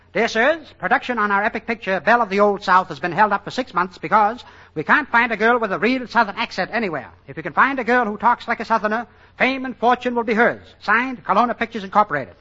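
A man's voice: high voice, bright, forceful tone, heavily acted. A man playing a brash, self-important movie mogul who barks orders with comic bluster, in 1930s film comedy style. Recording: dull, hissy old film soundtrack.

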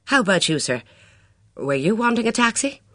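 A reader puts on a chatty Irish hotel doorman with a coaxing, folksy lilt. The voice rides higher and louder than the narration. Close, dry sound. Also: sing-song, normal speed, dry recording, full character voice.

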